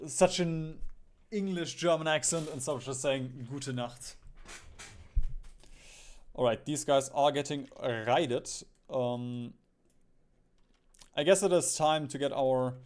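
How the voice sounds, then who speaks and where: A young man with a medium-pitched, slightly mellow voice streams a strategy game, thinking aloud as he plays. He muses through his moves and chuckles often.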